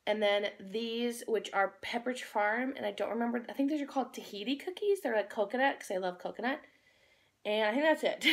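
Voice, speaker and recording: A woman's voice: a little high, fairly quick. Bubbly young woman chatting while eating. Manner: bubbly, excitable, rambling; talks with her mouth full. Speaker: vlogger. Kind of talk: casual chat while eating. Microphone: phone.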